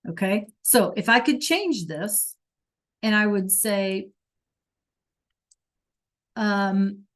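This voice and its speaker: A woman's voice: medium pitch, drawn-out words, a bit bright. A woman Spanish teacher giving an online class lesson, searching for examples with many fillers and acting out short dialogues.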